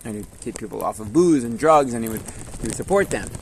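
A man of ordinary pitch tells stories in a Torah class, loose and chatty, often checking that his listeners follow and slipping in Hebrew and Yiddish words. He is recorded outdoors, with a clear layer of steady noise behind him. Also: fast. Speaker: Torah teacher.

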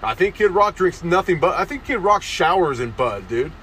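Swearing freely and adding "dude" to nearly every line, a young man rants through a comedy podcast monologue in a voice that sits a little high for a man, with big pitch swings, a moderate pace and a sharp tone. He records on a phone held close to his face outdoors in a town near parked cars, with faint street sounds and a slight hiss or hum behind him.

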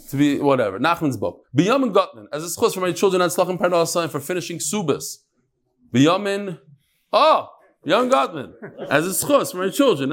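A man giving a casual daily Talmud class, chatty, with frequent Yiddish and Hebrew terms. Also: fairly high pitch. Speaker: Talmud teacher.

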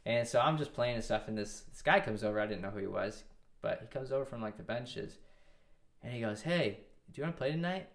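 Young man, low voice, rambling storyteller. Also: fairly quick, vocal fry. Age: 20s. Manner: rambling, with many restarts and quoted dialogue. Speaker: guest. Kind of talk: casual storytelling interview.

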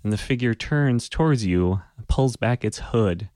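A man narrating a tabletop game as game master, unhurried and descriptive. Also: mid-range voice, animated, a little mellow, no echo.

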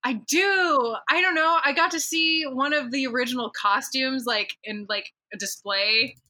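A woman's voice: high voice, normal speed, sharp tone. A woman co-hosting a casual podcast, chatty, swearing freely and filling her talk with "like.". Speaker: podcast co-host. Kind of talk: casual chat.

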